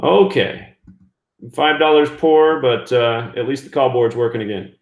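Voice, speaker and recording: A man's voice: mid-range voice, measured pace. A man hosting a call-in internet radio show, talking casually and chattily to listeners and callers. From US West Coast. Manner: chatty, talks through technical trouble aloud. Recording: echoey room.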